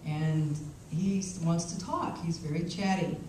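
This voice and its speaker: A woman's voice: on the low side, steady tone, a little slow, dark tone, slight background noise. A woman giving a keynote speech at a conference, telling a wry, self-mocking story. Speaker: keynote speaker. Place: large hall, conference. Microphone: small camcorder far off. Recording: echoey hall, far from camcorder.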